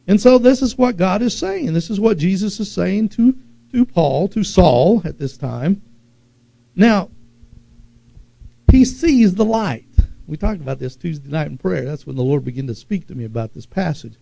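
A man preaching a sermon as pastor to a church service, with emphatic repeated phrases, sudden loud peaks and calls to the congregation. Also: high voice, big pitch swings, measured pace, gravelly, dry recording, low-quality recording.

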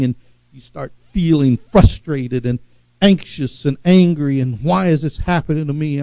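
A male preacher delivering a sermon, emphatic and swelling to loud exhortation at times. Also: fairly high pitch, no room sound, muffled recording.

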